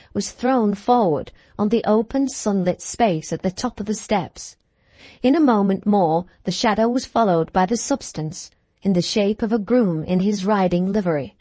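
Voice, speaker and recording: Calm woman narrating an audiobook. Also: medium pitch, no echo.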